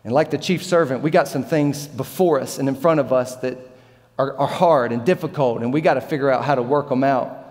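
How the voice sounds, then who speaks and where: A man in his thirties preaching a sermon as pastor, animated and joking, acting out the Bible characters in different voices. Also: mid-range voice, fairly quick, in a large hall. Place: large church hall.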